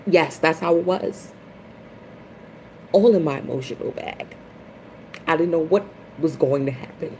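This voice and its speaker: A woman hosting a casual spiritual livestream chat, chatty and expressive, greeting viewers by name. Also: a little slow, pauses often, slight background noise, low-quality recording. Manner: dramatic swings into high, loud retellings. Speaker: livestream host.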